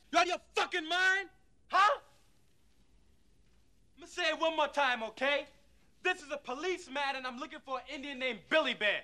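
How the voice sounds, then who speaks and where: A man's voice: very high voice, bright, forceful tone, full character voice. An actor playing a brash, profane convict bluffing his way as a cop, in a film scene. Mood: menacing. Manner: cocky, profane, taunting. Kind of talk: film acting. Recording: film soundtrack with music.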